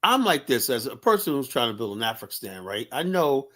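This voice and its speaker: A man hosting an online panel, calming guests and asking questions in a relaxed way. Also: mid-range voice, brisk. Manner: calming, conversational, asks questions. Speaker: panel host.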